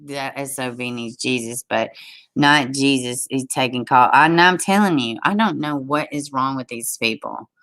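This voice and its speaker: A woman hosting a livestream from home, reading news stories aloud and reacting in an exasperated, animated way while talking straight to her viewers. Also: a bass voice, unhurried. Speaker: livestream host. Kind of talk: casual news commentary to a live chat.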